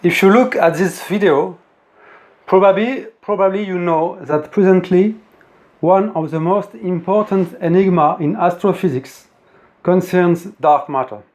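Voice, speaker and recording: Man, French accent, non-native English speaker, high-pitched, deliberate, formal lecture delivery. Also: a little mellow. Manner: careful, deliberate, formal phrasing. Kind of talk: slow formal lecture reading.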